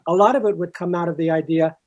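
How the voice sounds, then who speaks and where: A man speaks over a video call as committee chair. He sounds earnest, with a slightly high voice, as he thanks the guest and announces plans for new events. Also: steady tone, fast, poor audio. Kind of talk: closing remarks at an online event.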